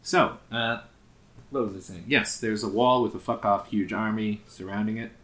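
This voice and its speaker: A man with a fairly low voice runs a science-fiction tabletop game for his friends. He narrates casually, swearing freely and laughing along with his players. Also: steady tone, normal speed, fairly bright tone. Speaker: game master.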